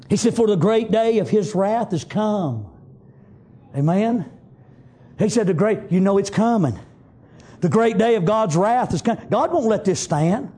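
High-voiced preacher shouting amens. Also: male voice, animated, measured pace. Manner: emphatic, shouting refrains, frequent amens. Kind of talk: fiery sermon. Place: church sanctuary.

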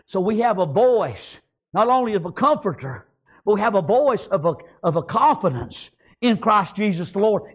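Fervent male preacher, very high voice, lively swooping delivery, peppers every line with amen, bursts into shouts. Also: normal speed, husky. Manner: fervent, constantly punctuating with amen and praise God; swings between low murmurs and shouted emphasis. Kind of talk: sermon.

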